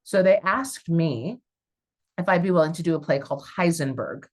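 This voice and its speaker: A woman from Southern California, a stage actor, chatting as a guest and telling stories in an animated way, with many fillers. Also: low voice, normal speed. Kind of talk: casual conversational storytelling.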